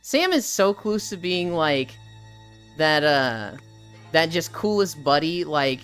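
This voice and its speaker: A young woman talks casually on a live stream, her voice sitting low but swinging widely in pitch. She slips into characters' lines as she chats, speaking into a headset. Faint music plays behind her. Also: slow pace, smooth. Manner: chatty, animated, acts out game characters' lines.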